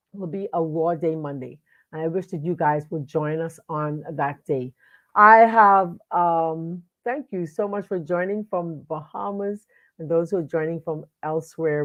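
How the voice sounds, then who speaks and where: A woman's voice: lowish voice, dull audio. A woman hosting a live online talk show, speaking casually with lots of fillers and restarts and greeting viewers by name. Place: home studio at a computer.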